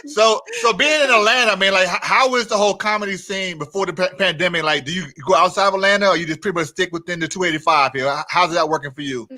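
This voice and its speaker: A man's voice: high voice, fast, few pauses, bright, forceful tone. A man co-hosting a casual interview, asking easygoing questions and laughing often. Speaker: talk show co-host.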